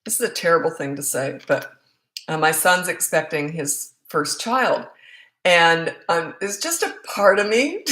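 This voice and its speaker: A woman's voice: fairly low pitch, expressive, a little slow, fairly bright tone. Emphatic woman in her fifties, roomy echo. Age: 50s. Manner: emphatic, repeats key advice, laughs at herself. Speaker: parenting coach. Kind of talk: live Q&A advice.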